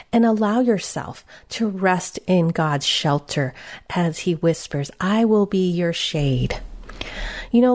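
A woman leading a guided Christian devotional meditation in a gentle, soothing and reflective way. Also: fairly low pitch.

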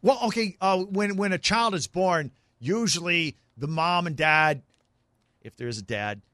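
A man co-hosting sports radio in loose, jokey banter, playing dumb for laughs. His voice is bright and a little high, with lively swings in pitch. The sound is dry and close. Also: a little slow, dry recording. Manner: playful, jokey, feigning confusion.

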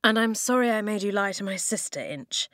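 A woman's voice: mid-range voice, lively intonation, a bit bright, dry recording, clean studio sound, lightly acted. A woman voicing an impulsive, rule-breaking boy who sighs and apologizes, then speaks up boldly. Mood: rueful. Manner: apologetic, quick, sighing.

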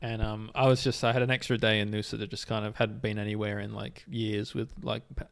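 A man's voice: fairly low pitch, little pitch movement, fairly quick, gravelly, smooth. A man, a podcast host telling a long story in a rambling, filler-heavy way. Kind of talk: casual storytelling.

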